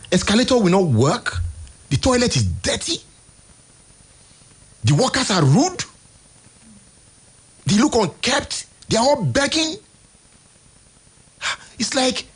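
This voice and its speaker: A Nigerian man hosting a radio show, giving emphatic, exasperated commentary in a husky voice. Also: extremely high pitch. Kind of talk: impassioned on-air commentary. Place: radio studio.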